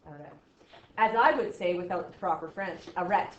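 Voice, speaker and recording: A woman's voice: lowish voice, lively intonation, fairly quick, a little hiss or hum. A woman teaching a math class in a classroom, playful and jokey, with exaggerated asides. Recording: echoey classroom, dull lo-fi sound.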